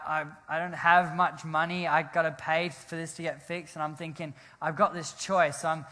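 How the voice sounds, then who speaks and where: A man, a pastor telling a rambling, animated story in a sermon, often laughing and restarting his sentences. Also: a little high. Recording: long hall reverb.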